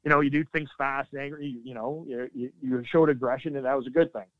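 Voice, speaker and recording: Middle-aged man, ex-soldier guest, candid and halting, dry narrow phone-like audio. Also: medium pitch, steady tone, no room sound. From Canada. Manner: earnest, halting, with sudden emphatic bursts. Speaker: military veteran guest. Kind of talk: candid interview storytelling. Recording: dry, tinny phone-like line.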